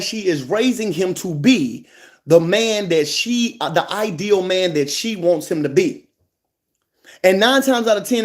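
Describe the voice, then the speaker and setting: A man's voice: high-pitched, darkish tone. A man giving an emphatic, preachy monologue to a live audience, repeating lines for stress.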